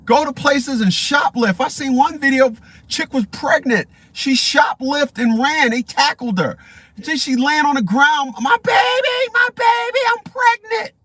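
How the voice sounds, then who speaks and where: A man's voice: very high voice, measured pace, fairly bright tone, dry recording. A man ranting profanely in a rambling, repetitive commentary vlog. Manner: profane, rambling, repeats himself. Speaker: vlogger.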